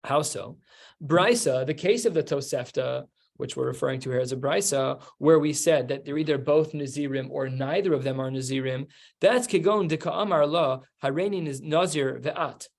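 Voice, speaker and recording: A rabbi giving a Talmud class, explaining each step and acting out the quoted lines. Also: male voice, medium pitch, moderate pace, vocal fry. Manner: explains step by step, mixing Aramaic terms into plain speech.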